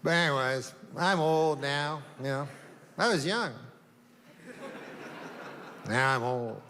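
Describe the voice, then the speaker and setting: A man doing a stand-up routine on a comedy stage, deadpan and rambling, with long setups. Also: on the high side, slow. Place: comedy stage before a live audience. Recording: long hall reverb, faint noise.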